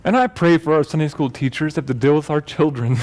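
This pastor's sermon in church comes in a slightly high, darkish voice at a quick pace. His style is loose and joking, and he often stops to correct himself mid-sentence.

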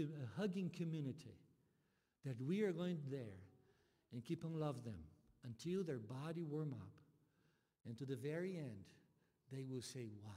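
A male pastor delivers an impassioned sermon, his voice sitting a little high for a man. He drops to near-whispers and then climbs into loud, urgent appeals. Long reverb from the church sanctuary trails every phrase. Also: husky. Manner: impassioned, swings from soft to loud.

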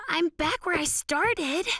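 A woman voicing an eager young cartoon pet who makes movies, talking in an animated way with sighs and gasps. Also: very high-pitched, exaggerated voice. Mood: excited. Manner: animated, sighing and gasping. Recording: music playing underneath.

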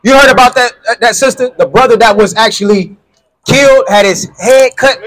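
High-voiced man preaching insistently. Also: a little fast, a bit bright, low-quality recording. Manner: insistent, quizzing the listener and repeating questions. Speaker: street preacher. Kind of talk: street preaching with call-and-response.

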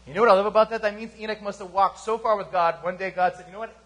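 High-voiced animated male preacher. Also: rapid-fire. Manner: animated preaching with sudden quiet drops. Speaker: pastor. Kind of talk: sermon. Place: church service.

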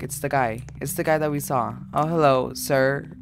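A man's voice: medium pitch, fairly even intonation, normal speed, creaky, slight background noise. A male gaming YouTuber giving jumpy horror gameplay commentary, repeating frightened exclamations.

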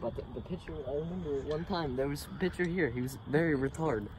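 A man's voice: a little high, quick pace, noisy background, close to an everyday voice. A young man voicing a boastful Russian oddball who tells crude, rambling stories in broken English with a put-on Russian accent.

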